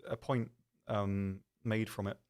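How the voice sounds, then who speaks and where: A man's voice: fairly low pitch, little pitch movement, takes it slowly, darkish tone. A man hosting a live stream, chatting casually in a rambling, self-deprecating way with lots of ums. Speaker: stream host.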